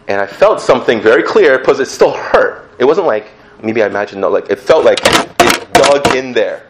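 A young man giving a personal testimony, telling his story in an animated, laughing way that falls to a hushed voice for remembered prayers. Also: medium pitch, normal speed, reverberant, slight background noise.

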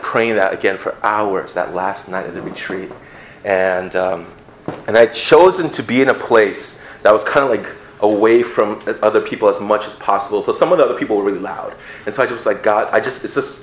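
A young man giving a personal testimony, telling his story in an animated, laughing way that falls to a hushed voice for remembered prayers. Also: on the low side, brisk, roomy sound.

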